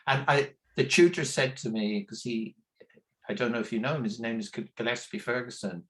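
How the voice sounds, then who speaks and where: A man speaking in a casual panel conversation, hesitant and self-deprecating with halting starts. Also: medium pitch, fairly bright tone.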